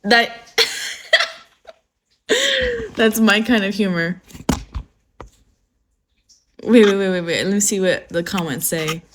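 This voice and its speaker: A woman's voice: mid-range voice, sing-song, takes it slowly, long pauses, fairly bright tone, slight background noise. A young woman from California who just woke up, chatting casually on a phone livestream, rambling with lots of fillers and swearing freely. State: just woken up. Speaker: livestream host. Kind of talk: casual morning livestream chat.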